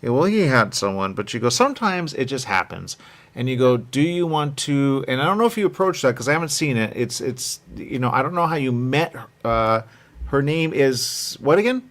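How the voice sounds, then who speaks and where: A man's voice: medium pitch, animated, normal speed, a bit bright. A man interviewing a filmmaker in a casual, rambling way, often acting out little quotes as he talks.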